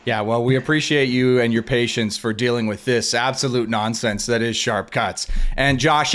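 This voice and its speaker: A man's voice: mid-range voice, a little fast, fairly bright tone, slight background noise. A young man co-hosting a casual talk show, teasing his co-host in a playfully exasperated way. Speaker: podcast co-host. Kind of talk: casual banter.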